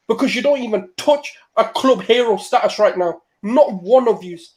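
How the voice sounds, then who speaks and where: A man's voice: high-pitched, normal speed. Man, furious football rant, swearing, heated. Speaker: Arsenal fan panelist.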